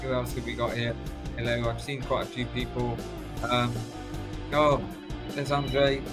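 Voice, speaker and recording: A man's voice: medium pitch, level tone, measured pace, over music. An English man in a casual livestream chat, greeting viewers by name and laughing often. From England.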